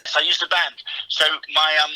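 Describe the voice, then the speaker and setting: A comedy juggler, a guest on an interview show, telling animated stories with lots of restarts and acted-out quotes. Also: male voice, fairly high pitch, fairly quick, low-quality recording. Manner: lively anecdotal, many restarts, acts out voices in stories. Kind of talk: casual interview storytelling.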